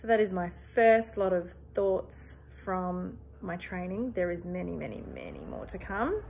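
A woman's voice: fairly low pitch, sing-song, measured pace, creaky, a little mellow, a little hiss or hum. A woman in her thirties, a therapist, talking earnestly and emphatically in a personal reflective monologue, swearing casually.

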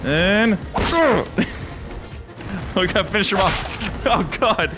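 Excitable male gamer, high and bouncy, commentating over game music. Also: slow pace. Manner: excitable, chatty, laughs often. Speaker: gaming YouTuber. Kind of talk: gameplay commentary.

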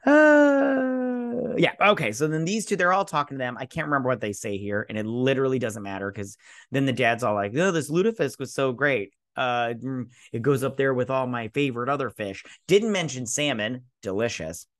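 A man's voice: medium pitch, animated, fairly quick, a bit bright, no room sound, clean studio sound. A man hosting a casual episode recap and review, sarcastic and crude, laughing as he acts out the characters' lines. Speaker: host.

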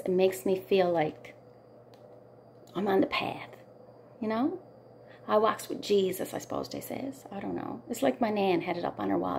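A woman's voice: mid-range voice, gravelly, mellow, a little hiss or hum. A middle-aged woman from Newfoundland with a Newfoundland accent, chatting in a rambling personal way, often dropping to a near whisper and tagging lines with "right?". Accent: Newfoundland English. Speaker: singer-songwriter. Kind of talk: casual personal storytelling.

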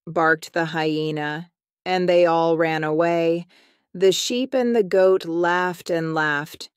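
Woman narrator for a learners' storybook, low-pitched and slow, dry close sound. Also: fairly even intonation, no echo. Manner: slow, careful, clearly pronounced reading.

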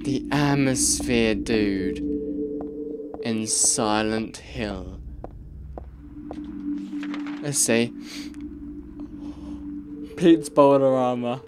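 Unhurried man muttering through a game. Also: medium pitch, noisy background. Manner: reactive, exclaiming and muttering to himself. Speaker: let's play gamer. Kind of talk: casual gameplay commentary.

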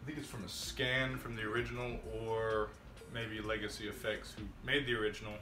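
A man's voice: lowish voice, level tone, a little fast. Casual guy, rambling, self-mocking workshop vlogger; roomy sound, mic set back. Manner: rambling, self-deprecating, chatty. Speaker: maker vlogger. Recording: roomy workshop audio, distant mic, music underneath.

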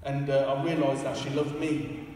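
A man's voice: medium pitch, little pitch movement, normal speed, darkish tone, slight background noise. A man preaching a casual, joking, self-deprecating sermon in a church. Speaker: evangelist preacher. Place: church hall. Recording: echoey hall, far from the mic.

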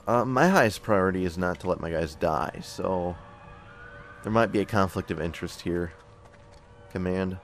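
A man's voice: low voice, slight background noise. A young man giving casual, joking commentary over a strategy game, talking to his soldiers as he plays. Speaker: gameplay commentator. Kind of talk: casual let's-play commentary.

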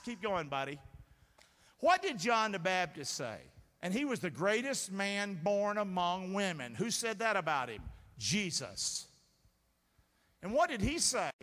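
Male pastor, high and lively voice, call-and-response preaching, echoing sanctuary. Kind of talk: sermon. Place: church sanctuary. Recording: reverberant sanctuary sound.

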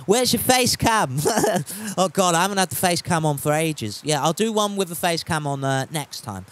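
A man's voice: on the high side, lively intonation, normal speed, fairly bright tone. A man chatting casually while streaming a game from home, reading chat aloud and swearing freely.

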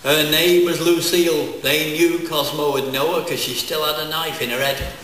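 A deadpan man recites comic verse live on a festival stage, his voice sitting a little high. A distant mic catches him in a very echoey hall, with faint audience sound behind. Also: normal speed, slight background noise. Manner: deadpan, wordplay-laden delivery. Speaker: comic poet.

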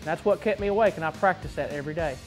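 A man's voice: a little high, very fast, soft background music. A man telling folksy stories and tips about calling ducks. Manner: folksy, rambling. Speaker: duck caller. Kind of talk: storytelling and advice.

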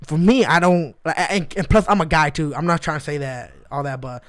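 Fast-talking, profane male podcast co-host. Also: a little high, no room sound, clean studio sound. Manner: profane, animated, acts out quotes in a raised voice. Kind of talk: casual storytelling chat.

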